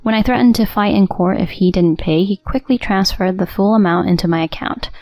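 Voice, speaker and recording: A woman narrating a first-person story in a cold, steady, matter-of-fact way. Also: mid-range voice, a little fast, no echo. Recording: dry studio voice-over with soft music.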